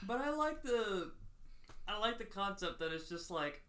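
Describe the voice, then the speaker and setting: Give me a playful man with a bright, tense tone chatting on a podcast. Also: high voice, big pitch swings, unhurried. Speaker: podcast co-host. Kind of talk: casual chat.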